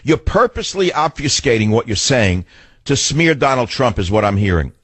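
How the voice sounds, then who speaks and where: A man's voice: medium pitch, sing-song, normal speed, a bit bright, slightly rough, no echo. An older man hosting a talk radio show, combative and ranting, arguing with a caller and mocking people. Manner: combative, ranting, mocks others in put-on voices. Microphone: studio mic.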